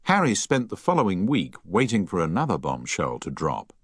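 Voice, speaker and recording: Deep male narrator, expressive, lively pitch, husky tone, dry close sound. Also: normal speed, dry recording. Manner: expressive storytelling. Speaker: audiobook narrator. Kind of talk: scripted narration.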